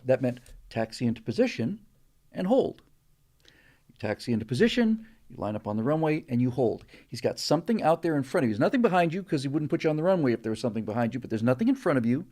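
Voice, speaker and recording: A man's voice: mid-range voice, sing-song, brisk, mellow. Middle-aged male streamer, rambling sardonic ranter, mimics pilot radio calls. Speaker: live stream host. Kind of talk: casual monologue and rant.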